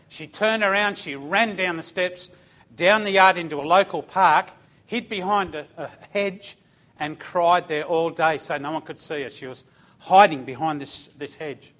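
An older man recounts his own story as a religious testimony. He speaks earnestly and conversationally, in a voice a touch higher than most men's. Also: measured pace, fairly bright tone.

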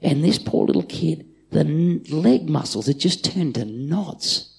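A middle-aged man preaching a live sermon in a church, telling stories and swinging from loud calls to hushed asides. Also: on the high side, expressive, unhurried, vocal fry. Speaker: pastor. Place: church auditorium with congregation.

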